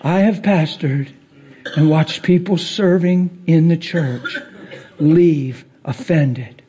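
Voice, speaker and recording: A man preaching a sermon to a church crowd. He moves from hushed whispers to excited, nearly shouted lines and acts out people's voices in his stories. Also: takes it slowly. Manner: swings between hushed whispers and high excited near-shouting.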